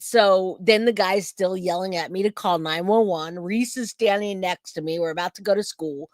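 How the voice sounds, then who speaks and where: A middle-aged woman hosting a true crime livestream, chatting casually and telling a story with lively acted-out quotes. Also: medium pitch, moderate pace, hardly any pauses, no echo, studio quality. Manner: chatty, animated storytelling, acts out quoted voices.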